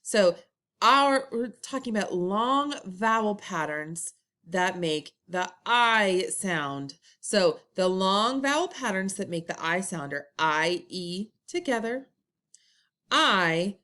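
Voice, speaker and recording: A woman leads a recorded phonics lesson for first graders. She talks extremely slowly, stretching her words in a sing-song way. Her pitch rises and falls a great deal, like a teacher coaxing young learners. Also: lively intonation, sharp tone. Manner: slow, drawn-out, sing-song teacher talk. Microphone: computer recording.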